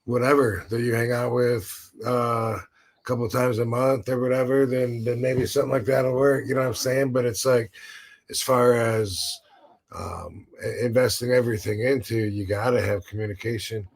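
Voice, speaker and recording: A man's voice: mid-range voice, level tone, normal speed. A man hosting a podcast, telling a rambling story full of restarts and acted-out quotes. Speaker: podcast host. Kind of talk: casual chat.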